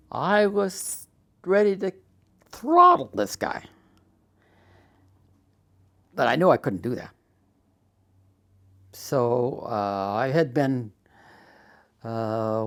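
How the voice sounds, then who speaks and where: A man's voice: mid-range voice, gravelly. An older man recounting a memory from his past, rambling with frequent fillers and acting out the quoted exchanges. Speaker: artist telling his life story. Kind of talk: spoken recollection.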